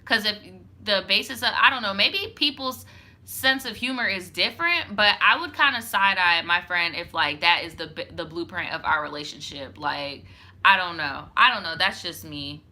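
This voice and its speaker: A young storytime host reads a viewer's story aloud in a lowish, expressive, bright and forceful voice at a moderate pace. She keeps breaking off for frank, profane, sassy asides packed with "like."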